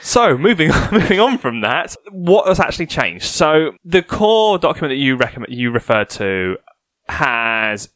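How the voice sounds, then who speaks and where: Animated man on a dry podcast mic. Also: a little high, moderate pace, dry recording. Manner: animated, teasing, explains at length. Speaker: podcast co-host. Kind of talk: casual hobby podcast chat.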